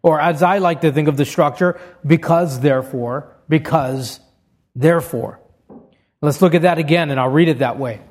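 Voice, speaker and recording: A man's voice: fairly high pitch, fast, hardly any pauses, a little mellow. A man preaching an expository sermon, reading scripture aloud and explaining it step by step in an earnest way.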